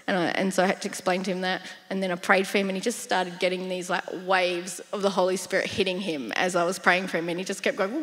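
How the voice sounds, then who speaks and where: A woman sharing a personal testimony in a church interview, telling her story in a lively way and laughing often. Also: lowish voice, fast talker, hardly any pauses. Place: church hall. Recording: long hall reverb in church.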